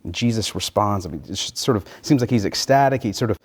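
A man preaching in a relaxed, conversational way, thinking aloud and often checking in with his listeners. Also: fairly low pitch, fast, husky. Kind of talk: conversational Bible teaching.

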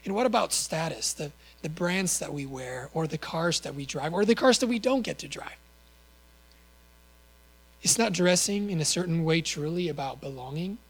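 Earnest male preacher, slightly high voice. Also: expressive, moderate pace, low-quality recording. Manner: earnest, with rhetorical questions and small self-corrections. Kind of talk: sermon.

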